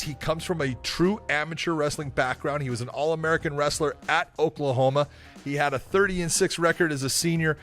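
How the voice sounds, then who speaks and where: A man's voice: on the high side, fairly quick, a bit bright, faint music behind. A man co-hosting a casual sports podcast, giving blunt, emphatic opinions. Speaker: podcast co-host.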